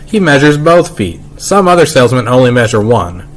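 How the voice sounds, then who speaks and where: A man reading a children's novel aloud in first-person narration, unhurried and plain. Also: mid-range voice, very animated. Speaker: reader.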